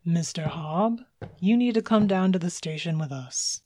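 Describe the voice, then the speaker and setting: A woman's voice: fairly low pitch, unhurried, a little mellow, voice pushed down. A woman voicing a firm, questioning male police officer. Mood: stern. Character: stern male police sergeant, gruff and probing.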